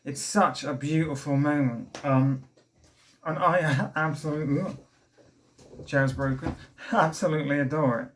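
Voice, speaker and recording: A man's voice: fairly high pitch, a little slow, long pauses, a little hiss or hum. A young man casually reviewing a record, rambling and enthusiastic, a little out of breath. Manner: rambling and enthusiastic, many fillers and restarts. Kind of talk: casual album review vlog.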